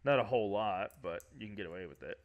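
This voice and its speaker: A man's voice: lowish voice, expressive, fast talker, phone-quality sound. A man with a Michigan accent, hosting a podcast in casual chat, rambling with lots of fillers and frequent laughs. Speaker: podcast host.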